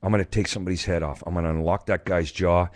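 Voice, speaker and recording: A fairly low-pitched man speaking on a video call, telling a personal story to a conference audience. His words come in rapid-fire bursts, and he often stumbles and restarts partway through a thought. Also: steady tone, a little mellow. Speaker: recovery speaker.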